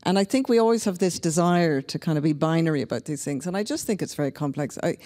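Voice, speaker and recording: A woman's voice: sits low, expressive, fast, dark tone. A woman from Northern Ireland speaking as a panelist, talking in a reflective, candid and wry way. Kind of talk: panel discussion. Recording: long reverb of a hall.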